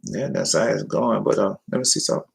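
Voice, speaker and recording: In an informal livestream, a man with a lowish, gravelly voice preaches at a quick pace in a rambling, folksy way. He talks straight to his listeners and reads scripture between tangents, on a low-quality recording.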